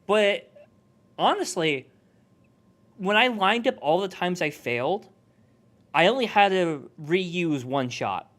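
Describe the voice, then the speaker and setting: A man's voice: high-pitched, animated, slow, pauses often, fairly bright tone. A man hosting a casual livestream commentary, chatty and self-deprecating. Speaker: host.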